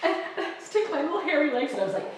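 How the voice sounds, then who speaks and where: A middle-aged woman author telling animated stories to an audience, laughing often and acting out quoted lines. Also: sits high, rapid-fire, heavy background noise. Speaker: author giving a library talk. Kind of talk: storytelling talk to an audience. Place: library event room. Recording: roomy, distant mic with faint ambience.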